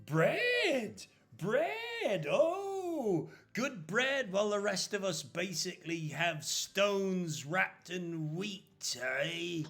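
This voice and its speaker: A man's voice: sits high, sing-song, very slow, hardly any pauses, a bit bright, soft background music, voice pushed up, heavily acted. A man putting on a jeering young village ringleader. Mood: taunting. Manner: mocking, jeering. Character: cocky young rural male ringleader, taunting.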